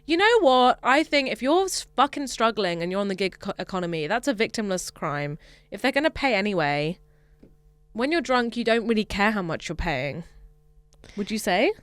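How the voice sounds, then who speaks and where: A woman's voice: medium pitch, sing-song, moderate pace, a bit bright, clean tone, no echo. A young woman, a comedian co-hosting a podcast, chatting casually and laughing easily.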